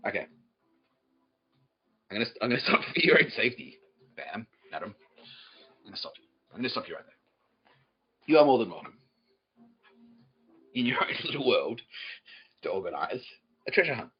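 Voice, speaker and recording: A man's voice: medium pitch, very animated, moderate pace, pauses often, slightly rough, lo-fi sound. A man hosting a comedy podcast, swearing often and laughing as he jokes with the live audience. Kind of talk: improvised comedy monologue, relaying a psychic's words.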